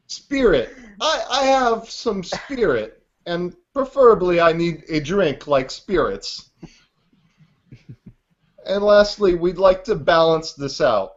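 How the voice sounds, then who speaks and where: Brief: a man doing a slow, drawling impersonation that swoops high and low and is full of teasing pauses, on dull lo-fi audio. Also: lively intonation. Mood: mock-theatrical. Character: man doing a put-on celebrity impression with an odd accent.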